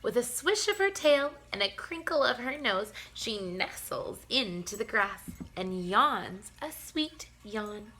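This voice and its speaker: Woman, kindergarten teacher type, gentle bedtime read-aloud, unhurried and a touch high-pitched. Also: expressive. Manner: gentle, soothing, playful with sighs and yawns. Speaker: teacher reading a bedtime story. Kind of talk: storybook read-aloud for young children.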